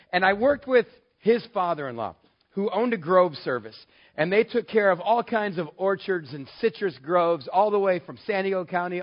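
A man from West Texas telling a personal story, lively and animated, acting out the voices in his dialogue. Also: sits high. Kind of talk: personal anecdote told to an audience. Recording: dull, lo-fi sound.

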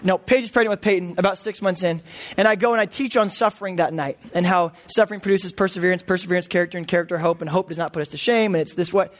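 A man's voice: high voice, steady tone, quick pace. A man in his thirties preaching a sermon, earnest and emphatic. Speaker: pastor.

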